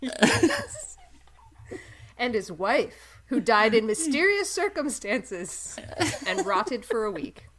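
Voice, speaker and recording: A woman's voice: on the high side, wildly swooping pitch, takes it slowly, long pauses, a bit bright. A Canadian woman co-hosting a casual comedic chat, giggling often as she talks. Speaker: podcast co-host.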